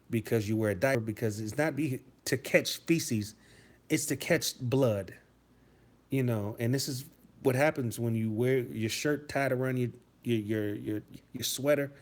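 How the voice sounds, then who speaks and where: A man's voice: medium pitch, a little mellow. A man from Detroit hosting a live stream, reading out chat messages and answering them in a rambling, profane, mocking way. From Detroit, USA.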